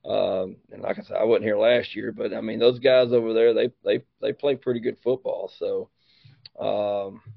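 A man with a low, gravelly voice, answering as a football coach in a halting, repetitive way over a video call. His voice sounds dry and close. The audio is dull and lo-fi. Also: steady tone, no room sound. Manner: halting, leans on "you know" and repeats himself. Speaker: high school football coach. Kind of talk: casual interview answers.

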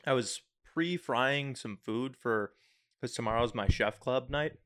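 A man's voice: mid-range voice, a little slow, fairly bright tone. A young man co-hosting a podcast, chatting casually as a laid-back storyteller who swears now and then. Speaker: podcast co-host. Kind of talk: casual chat. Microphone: studio microphone.

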